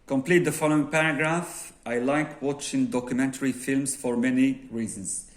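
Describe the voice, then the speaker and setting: A man's voice: mid-range voice, steady tone. A man with a Moroccan accent, an English teacher correcting an exam and dictating answers word by word. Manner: slow, deliberate dictation, reading sentences word by word.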